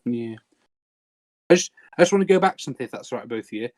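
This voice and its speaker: Brief: man hosting a chatty podcast, fast and hesitant, bit high. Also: expressive, a little mellow, no echo. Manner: hesitant, laughing, fillers. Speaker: podcast host. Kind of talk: casual chat.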